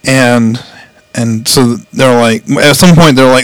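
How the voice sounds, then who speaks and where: Casting: man, casual rambling recap of a show, laughs often, mid pitch, dry close sound. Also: fairly even intonation, a little slow, clean tone, dry recording. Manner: rambling, laughs often, quotes characters in voices. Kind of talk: casual chat retelling an anime plot.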